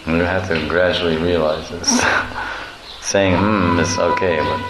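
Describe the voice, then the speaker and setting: A man's voice: low-pitched, fairly even intonation, slow pace, very noisy. Lecturing man in an echoey room. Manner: playful, laughs often, acts out voices. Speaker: lecturing monk. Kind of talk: devotional lecture.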